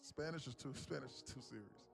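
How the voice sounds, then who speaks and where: A man's voice: medium pitch, a little fast, creaky. A man talking bluntly and profanely in a rambling way while day trading on a live stream. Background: music.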